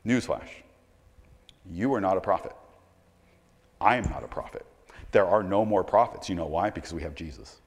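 A male pastor preaching a sermon, swinging between loud emphatic stretches and quiet low asides, often repeating words as he starts a sentence. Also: animated, normal speed, pauses often, breathy edge, big-room sound.

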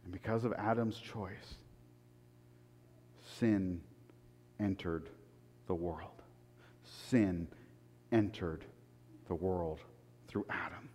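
A man preaching a sermon in a lively, conversational way. He swings between loud, emphatic peaks and hushed, low asides, and often repeats words. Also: drawn-out words, long pauses, breathy edge. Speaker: pastor. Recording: long hall reverb.

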